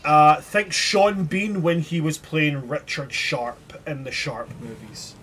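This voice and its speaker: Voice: mid-range voice, slow pace, noisy background. A game master chatting casually at the table, easygoing and self-deprecating.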